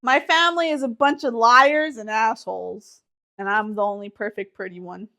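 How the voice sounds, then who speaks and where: A young woman co-hosting a podcast, telling a story in a casual, animated way with plenty of swearing. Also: a little high, normal speed. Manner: animated, swearing, exaggerated retelling. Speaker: podcast co-host.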